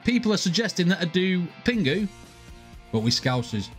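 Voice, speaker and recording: A man's voice: high-pitched, sing-song, normal speed, soft background music. A man from north-west England, hosting a reaction video, laughing a lot and explaining slang to his viewers. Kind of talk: casual reaction commentary.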